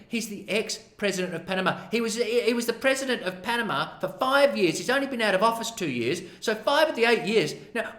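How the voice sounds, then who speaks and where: Animated middle-aged Australian man, bright voice. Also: high voice. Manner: animated, self-deprecating, acts out dialogue. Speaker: massage therapist. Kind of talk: casual storytelling to camera. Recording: roomy echo.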